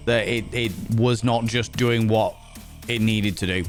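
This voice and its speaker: A young man talks into a desk microphone during a live stream. He curses freely, sounds exasperated, and tells his stories with lively energy. Faint music plays behind him. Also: fairly low pitch, slow pace. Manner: sweary, exasperated, animated storytelling. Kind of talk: casual live-stream chat.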